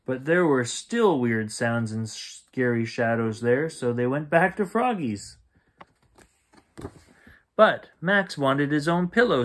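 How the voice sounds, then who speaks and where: A man reading a children's bedtime story aloud, slow and expressive, playing the sound effects. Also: fairly high pitch.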